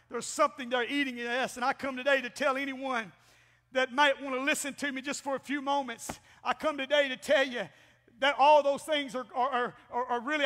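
A middle-aged man preaching a folksy, animated Pentecostal sermon as pastor in a church. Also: very high voice. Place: church sanctuary. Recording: long church-hall reverb.

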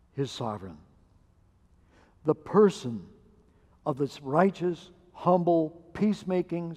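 High-voiced, slow-speaking male pastor preaching. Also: warm tone. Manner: measured storytelling with hesitant fillers. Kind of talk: sermon. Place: church sanctuary. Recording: church hall reverb.

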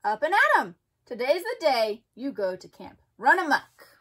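Woman doing a tired frog dad in a kids' story, slow drawn-out groans, still pretty high and lively. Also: husky, full character voice. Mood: cheerful. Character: weary, patient frog father. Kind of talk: storybook read-aloud.

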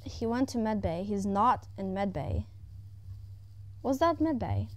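A woman at home giving casual, excitable commentary as she plays a video game. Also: medium pitch, unhurried, dry recording. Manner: excitable, exclaiming often, chatting to herself. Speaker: gaming YouTuber. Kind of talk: casual let's-play commentary.

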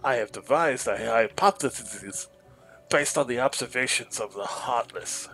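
A man voicing an excited male scholar reading his research journal aloud, in a British accent with dramatic, wondering delivery. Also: medium pitch, unhurried, faint music behind, low-quality recording. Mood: musing.

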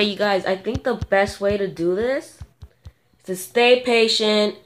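A woman commentating her own gameplay, excitable and gasping at sudden moments, thinking aloud and talking to viewers. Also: medium pitch, measured pace, slight background noise. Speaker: gamer.

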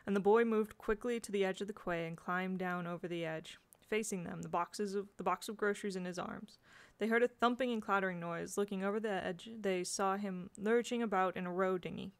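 A woman's voice: medium pitch, steady tone, fairly quick, smooth. Woman narrating a storybook, unpolished amateur reading. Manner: unpolished, occasional slips and restarts. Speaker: audiobook reader.

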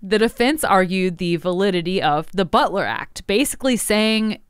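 A woman's voice: medium pitch, expressive, normal speed, clear, resonant tone, dry recording. Young woman podcast host, sarcastic storyteller, super clean voice, dry close sound. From Tennessee, USA. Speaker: podcast co-host recapping history. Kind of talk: casual chat.

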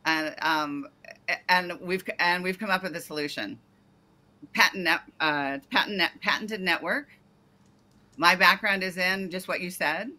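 Very bright-voiced woman giving pitch feedback. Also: unhurried. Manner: detailed, self-correcting, coaching pronunciation. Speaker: startup pitch coach. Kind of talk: video call feedback. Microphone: video call.

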